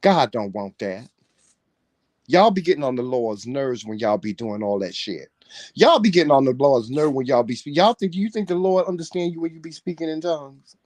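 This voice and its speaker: A man's voice: mid-range voice, expressive, moderate pace, darkish tone, no room sound. A man in casual chat, talking animatedly in a preachy way and swearing freely. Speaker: co-host.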